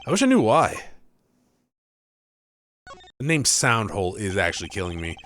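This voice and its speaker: A young man hosting a let's play rambles casually while commenting on the video game he's playing, laughing and correcting himself in chatty asides. His voice is lowish with big pitch swings, at a normal speed, and the sound is a bit bright.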